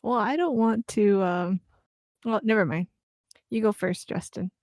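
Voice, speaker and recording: A woman's voice: medium pitch, unhurried, darkish tone, no echo, studio quality. A woman co-hosting a podcast, hesitant and wry in casual chat. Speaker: podcast co-host.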